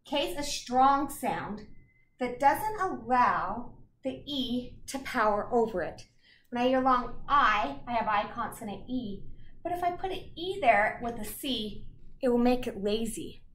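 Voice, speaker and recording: Woman teacher, slow deliberate pace, animated pitch, reads aloud for kids. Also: roomy sound. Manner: sounds out words slowly, teacherly. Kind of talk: storytime lesson and read-aloud.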